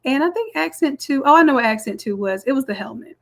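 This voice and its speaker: Lady doing a screen tutorial, kinda high voice, chatty, explains every click. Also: lively intonation, quick pace, creaky, a bit bright. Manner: chatty step-by-step explaining, Southern "y'all". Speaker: design instructor. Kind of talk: screen-recorded software tutorial.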